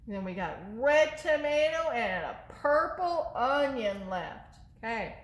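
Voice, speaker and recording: A children's librarian leads an upbeat story time, often asking the kids questions to check in with them. She speaks at a moderate pace in a fairly high, animated voice, in an echoey room.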